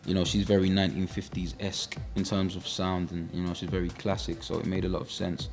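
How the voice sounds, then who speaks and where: A young man with a South London accent chats through an interview in a deep, low voice. He talks loosely, dropping "you know" and "um" as he goes. Faint music runs underneath. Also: quick pace, gravelly. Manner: relaxed, many fillers like "you know". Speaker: rapper guest. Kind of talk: casual interview chat.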